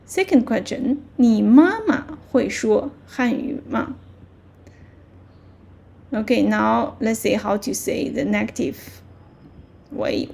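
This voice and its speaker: A woman with a Mandarin Chinese accent teaching a language lesson, patiently repeating words slowly with clear tones. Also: on the high side, warm tone.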